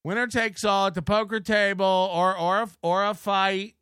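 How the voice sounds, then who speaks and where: Casting: male livestream host, high bright voice, profane and mocking, dry close sound. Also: little pitch movement, moderate pace, smooth, dry recording. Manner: profane, mocking, laughs often. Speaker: live show host. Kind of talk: casual livestream commentary.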